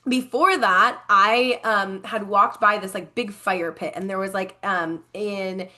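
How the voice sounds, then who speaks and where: A young woman co-hosting a podcast, telling a story in a casual chatty way with lots of fillers and lively quoted voices. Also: medium pitch, a little slow. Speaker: podcast co-host.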